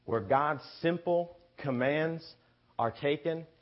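A man preaching a sermon with emphasis, pausing to ask his listeners rhetorical questions. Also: fairly high pitch. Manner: slow, emphatic, asks the congregation rhetorical questions. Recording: dull lo-fi recording.

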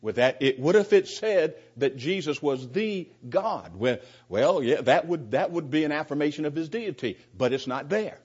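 Husky man teaching scripture. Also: a little high, lively intonation, normal speed, hardly any pauses, darkish tone, dull audio. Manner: conversational, repeats words, acts out both sides of an exchange. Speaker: preacher. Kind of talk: sermon-style Bible teaching.

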